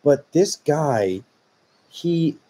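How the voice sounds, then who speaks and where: Laid-back guy reading stories on a podcast, husky, slightly high. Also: animated, extremely slow, warm tone. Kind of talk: casual chat and reading aloud.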